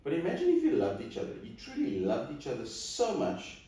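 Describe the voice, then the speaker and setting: A man's voice: on the high side, huge pitch swings, a little fast, dark tone. Earnest celebrant man in an echoey room. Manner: earnest, coaching, addresses the couple directly. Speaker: wedding celebrant. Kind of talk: pre-wedding counseling talk to a couple. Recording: echoey room, distant mic, faint noise.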